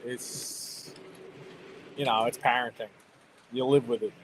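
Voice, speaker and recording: A man's voice: medium pitch, fairly even intonation, slow pace, a bit bright, a little hiss or hum, poor audio. A man in his thirties hosting a stream, chatting casually about parenting and laughing often. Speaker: livestream host. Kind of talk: casual chat.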